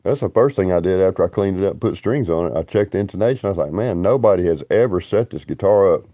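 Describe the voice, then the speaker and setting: A man's voice: deep voice, fast talker, no room sound, phone-quality sound. A man, rambling bluntly and profanely on a livestream.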